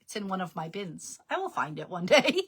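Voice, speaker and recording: A woman's voice: lowish voice, sing-song, moderate pace, fairly bright tone, breathy edge. A woman from New Jersey with a New Jersey accent, chatting casually and laughing at herself while giving business tips on a live stream. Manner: chatty, laughing, self-deprecating. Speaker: jewelry business guest speaker.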